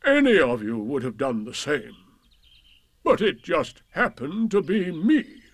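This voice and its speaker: A man voicing a gloomy, self-pitying old male donkey in a storybook reading, with a slow, mournful, sarcastic drawl. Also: on the high side, big pitch swings, no echo, voice pushed up. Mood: pompous.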